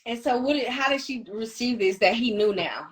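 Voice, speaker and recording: A woman's voice: fairly high pitch, lively intonation, normal speed. A woman hosting a casual interview, mostly giving short affirming replies. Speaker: podcast host.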